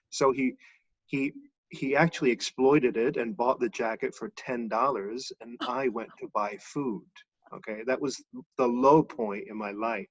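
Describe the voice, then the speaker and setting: A man telling a personal story in a relaxed, chuckling way, heard over a muffled video call. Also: medium pitch. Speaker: guest author. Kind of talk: casual storytelling.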